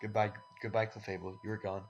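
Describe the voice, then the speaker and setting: A man's voice: fairly low pitch, level tone, a little fast. A man giving casual voice-over commentary on his own competitive game matches. He rambles in a laid-back way, with lots of fillers, and talks to viewers as "guys" and "boys". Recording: dull lo-fi audio with background music. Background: soft guitar background music.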